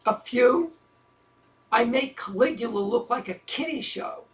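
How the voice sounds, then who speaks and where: A man's voice: very high-pitched, lively intonation, unhurried. An actor in an audio drama playing a self-deprecating man who talks with dry, wry sarcasm. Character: self-deprecating sarcastic middle-aged man, troubled lover.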